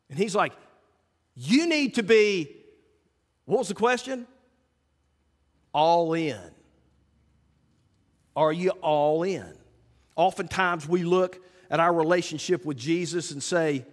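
A middle-aged man preaching a sermon, telling a story with lively acted-out quotes. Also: sits high, measured pace, pauses often. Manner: animated storytelling, acts out quotes loudly. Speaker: pastor. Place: church sanctuary. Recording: long reverb of a church hall.

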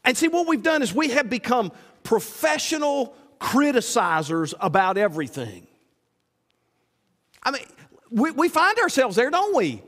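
Male pastor, sermon, high voice, lively rising and falling pitch, long echo. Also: a little slow. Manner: animated preaching with rhetorical questions and repetitions. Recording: long hall reverb.

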